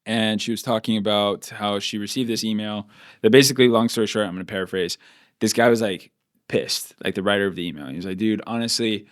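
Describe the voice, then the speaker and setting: A man co-hosting a podcast in casual chat, blunt and profane, ranting fast with lots of "like". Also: lowish voice, steady tone. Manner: fast rants with repeated "like". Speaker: podcast co-host.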